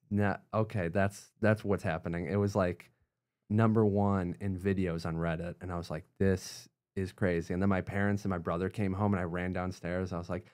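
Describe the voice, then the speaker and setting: Young male guest, low-pitched voice, casual and animated storytelling, full of fillers and acted-out quotes. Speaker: guest, YouTuber.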